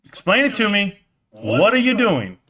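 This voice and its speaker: A man's voice: high-pitched, huge pitch swings, normal speed, pushed and bright. A man in a YouTube commentary clip, delivering an accusatory, mocking rant.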